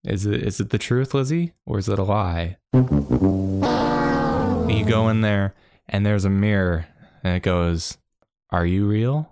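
A man's voice: fairly low pitch, a little slow, pauses often, darkish tone, smooth, faint music behind. A man co-hosting a podcast in casual chat, rambling playfully through odd hypotheticals. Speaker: podcast co-host.

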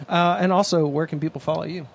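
A male podcast co-host with a high-pitched voice, relaxed and loose in conversation. He laughs easily and swears casually. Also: fast, creaky. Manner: laid-back, laughs a lot, swears.

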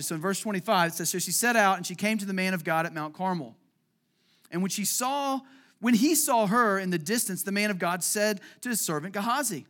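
A man preaching a sermon, earnest and halting, repeating words as he retells a scripture story, acting out its lines and dropping soft at tender moments. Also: high-pitched, lively intonation. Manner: earnest, repeats words, acts out quotes, drops to near whisper at emotional points. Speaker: pastor.

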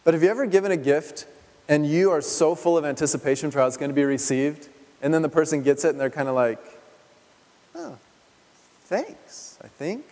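Male pastor, slightly high voice, chatty sermon style full of rhetorical questions, long church-hall reverb. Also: fairly even intonation, fast, darkish tone. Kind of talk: conversational sermon.

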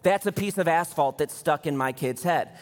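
Pastor guy preaching, high voice, big echoey church hall, tells stories and does the voices. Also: normal speed. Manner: animated storytelling, acts out quoted voices. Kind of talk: sermon. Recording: long hall reverb.

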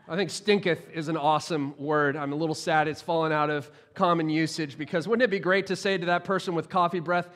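A man's voice: fairly high pitch, fairly quick, few pauses, a bit bright. A man, a pastor, delivering a sermon in a conversational, playful way with frequent restarts.

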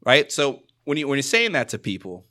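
A young man from Jamaica, a student guest in a casual podcast chat, talking in an animated, slangy way and laughing often. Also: mid-range voice, a little fast.

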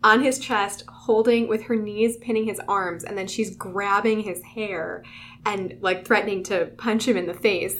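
A woman co-hosting a casual book discussion podcast, expressive as she retells scenes. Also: medium pitch, a little slow, slight background noise. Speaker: podcast co-host.

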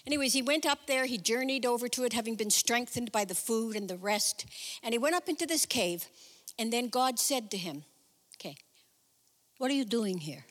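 A woman preacher retells a Bible story in a lively, conversational sermon full of her own asides. Her voice sits a little high, and the long reverb of a large hall trails after every phrase. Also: a little fast. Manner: chatty, animated retelling with personal asides.

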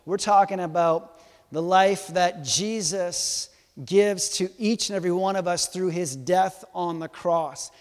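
A man preaching a sermon to a live congregation, animated and swinging from soft to loud, teasing and quizzing his listeners. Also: sits high, a little slow. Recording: long hall reverb.

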